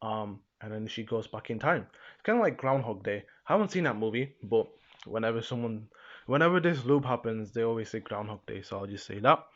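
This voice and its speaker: A man's voice: lowish voice, lively intonation, a little fast. A young man casually recapping an episode in a rambling way, full of fillers and laughs. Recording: slightly dull lo-fi sound.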